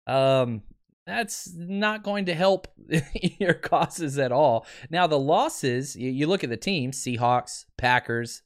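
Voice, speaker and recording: A man hosting a live solo sports podcast, chatting casually and reading viewer comments aloud. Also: mid-range voice. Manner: energetic, chatty, frequent fillers. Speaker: podcast host.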